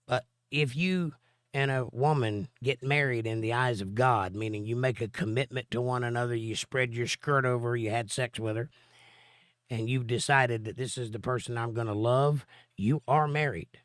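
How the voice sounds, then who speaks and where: With laryngitis leaving him hoarse, a man hosts a live stream where he reads comments from viewers and gives long Bible answers, mixing casual chat with teaching. His mid-range voice has a clean tone at normal speed, recorded dry and studio quality.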